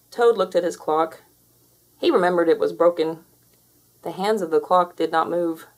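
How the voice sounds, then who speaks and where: A woman reading a children's picture book aloud in a slow, clear storytelling manner. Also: lowish voice, darkish tone. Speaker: storybook reader. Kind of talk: children's read-aloud narration.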